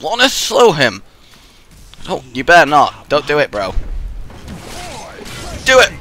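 A man's voice: fairly high pitch, huge pitch swings, slow pace, pushed and bright. A man commentating a game in casual banter, teasing and laughing a lot, with a frog in his throat. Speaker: gaming commentator.

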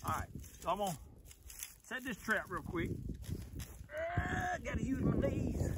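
High-voiced Southern man with a Mississippi drawl. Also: big pitch swings, unhurried, long pauses. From southern United States. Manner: folksy and rambling, talks to viewers as y'all. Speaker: trapper vlogger. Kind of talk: casual outdoor vlog. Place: outdoors on a farm by a lake. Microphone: phone on a tripod. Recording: noisy outdoor phone recording.

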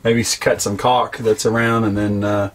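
A man's voice: fairly low pitch, level tone, moderate pace, slight background noise. Easygoing man, filler-heavy chat. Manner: easygoing, hesitant with many fillers. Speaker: vlog co-host. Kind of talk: casual how-to chat.

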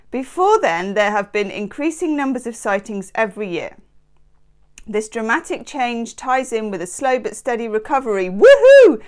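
Lively, chatty woman reading tarot. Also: on the high side. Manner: chatty, playful, self-deprecating asides. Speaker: tarot reader and channel host. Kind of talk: casual chat and daily tarot reading; reading aloud from an almanac.

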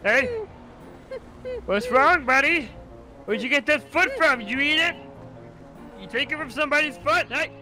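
A man voicing an excitable figure who shouts and exclaims at a dog in game role-play. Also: extremely high pitch, normal speed, pauses often, faint music behind, full character voice, rough recording. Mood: excited.

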